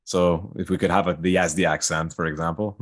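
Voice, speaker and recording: A man with a very low voice joins a video call to give an example. He explains hesitantly, pausing with fillers between phrases. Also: fairly even intonation. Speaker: participant giving an example.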